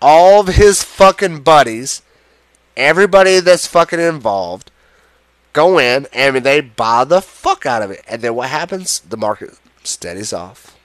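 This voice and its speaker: A man's voice: medium pitch, expressive, unhurried, fairly bright tone, no echo. A man in a heated, profane, sarcastic political rant to the camera.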